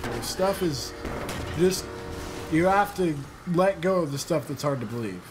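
Slow, rambling young man gaming. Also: on the high side, animated, music in the background. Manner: rambling, joking, sarcastic. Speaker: let's play gamer. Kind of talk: casual gameplay commentary.

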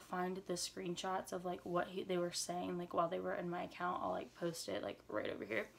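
A woman vlogger telling a story in a chatty, earnest way, filling her speech with "like". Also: fairly low pitch. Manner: earnest, retelling a distressing experience. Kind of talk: story-time vlog.

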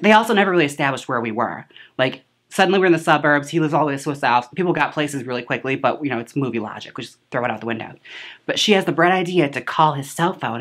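A woman's voice: deep voice, fairly bright tone, breathy edge. A woman hosting a casual movie recap, chatty and sassy, full of filler words and side remarks. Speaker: host reviewing a film.

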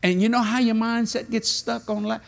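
An older man preaching a humorous sermon at a convention, telling jokey stories and breaking into sudden high-pitched exclamations. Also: little pitch movement, normal speed, gravelly. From New Orleans, Louisiana. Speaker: evangelist. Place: large convention hall.

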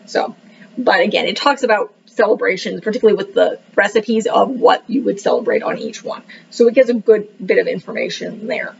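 Woman, husky voice, hesitant casual book review, lots of fillers, dull lo-fi sound. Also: medium pitch, expressive, a little fast. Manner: rambling, hesitant, many fillers; self-deprecating about pronunciation. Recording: dull lo-fi recording.

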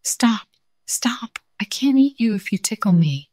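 A woman voicing a boastful male tiger who hates being tickled, in a raised, lively voice. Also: fairly high pitch, measured pace, no echo, clean studio sound, pitched above the performer's own voice. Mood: panicked.

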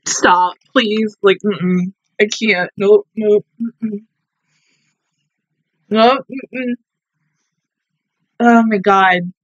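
A woman's voice: medium pitch, steady tone, extremely slow, long pauses, no echo, highs cut off. A young woman reacting to an anime episode in casual commentary, getting emotional and tearing up. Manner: emotional, tearful exclamations.

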